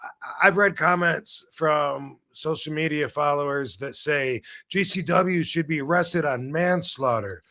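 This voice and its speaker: A man's voice: a little high, measured pace, bright, forceful tone. A man hosting a podcast in casual chat, rambling and profane, often breaking off mid-sentence. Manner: rambling, profane, self-interrupting. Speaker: podcast host.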